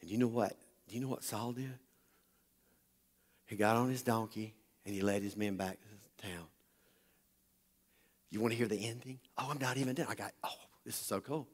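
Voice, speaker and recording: Animated preacher in a reverberant hall. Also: male voice, on the low side, moderate pace, pauses often. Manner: animated, talks directly to the congregation. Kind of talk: sermon, animated Bible storytelling.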